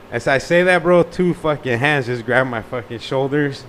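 A young man telling a profane, animated story in casual slang. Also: mid-range voice, brisk, few pauses, slight background noise.

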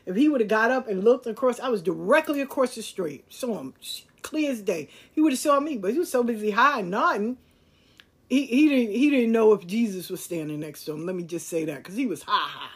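Husky New woman in her fifties. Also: medium pitch. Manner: blunt, streetwise, emphatic, swings between loud and hushed. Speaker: caller sharing a personal story. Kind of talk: candid personal storytelling.

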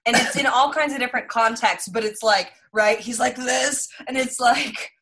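A woman's voice: on the high side, fairly even intonation, normal speed, pushed and bright. A woman co-hosting a podcast, chatting about a movie and acting out her own reactions. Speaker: podcast co-host. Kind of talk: casual movie chat.

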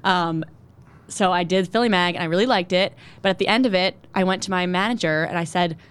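Young woman reporter, low-ish voice, rattling through her story fast. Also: smooth. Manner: quick, animated storytelling. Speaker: TV news reporter. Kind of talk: conversational interview.

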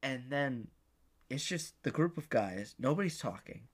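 A man co-hosting a podcast, telling a story in casual chat, animated and laughing often. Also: medium pitch, a little slow. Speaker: podcast co-host.

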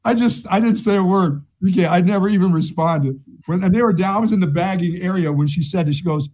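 A middle-aged man co-hosting a sports talk show spins a long, chatty story, repeating himself and laughing at his own tale. His voice is fairly high and dark-toned, and he talks briskly with hardly any pauses. It's casual sports chat and storytelling.

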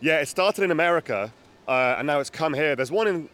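A man with a slightly higher-than-usual voice hosts a podcast in relaxed conversation. He keeps a dry, understated tone and asks easygoing questions. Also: brisk. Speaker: podcast host. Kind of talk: casual chat.

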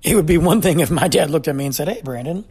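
A man's voice: fairly high pitch, animated, fast, darkish tone, slightly rough. A man in his forties telling a heartfelt story about his family in a thoughtful personal monologue. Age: 40s.

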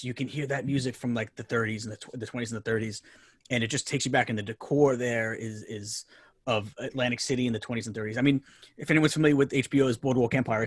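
Guest spot: quick, eager New York man, lots of restarts, dry close sound. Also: medium pitch, husky, no echo. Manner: enthusiastic, rambling with many restarts. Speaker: podcast guest. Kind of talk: casual chat.

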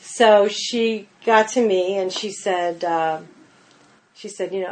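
A middle-aged woman chatting as a podcast guest, spinning animated anecdotes packed with "like" and "you know". Her voice sits at an ordinary pitch for a woman and moves easily between quick asides and slower emphasis. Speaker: pastry chef, podcast guest. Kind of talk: casual interview storytelling.

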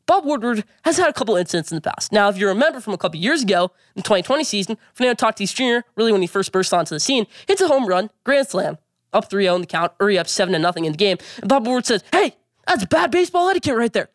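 Fast-talking man ranting about sports. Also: high-pitched, lively intonation, no room sound, studio quality. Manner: emphatic, opinionated rant with repeated phrases. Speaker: sports show host. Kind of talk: sports opinion vlog.

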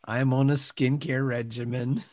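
A man's voice: medium pitch, level tone, unhurried, darkish tone, no room sound. A man improvising a comedy scene as an eager, gushing, sweet-natured character.

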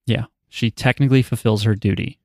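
Gravelly, dry-voiced man chatting casually. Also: mid-range voice, fairly even intonation, brisk, no echo. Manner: loose, rambling, curses casually. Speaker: podcast co-host. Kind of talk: casual chat.

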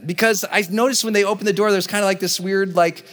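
A middle-aged man giving a live motivational talk on stage, energetic, with shouted bursts and laughing asides. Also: sits high, quick pace. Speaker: motivational speaker. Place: large event stage before a crowd.

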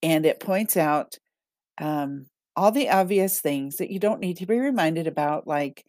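A woman hosting a casual solo podcast about self-talk, chatty and quick to laugh as she reads out listener comments. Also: fairly low pitch, lively intonation, a little mellow, no echo. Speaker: podcast host and manifesting coach.

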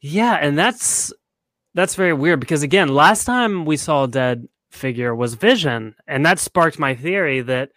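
A man's voice: fairly high pitch, lively intonation, a little slow, fairly bright tone, dry recording. A man co-hosting a podcast in casual chat, laying out his theories step by step. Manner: analytical, lays out theories step by step. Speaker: podcast co-host.

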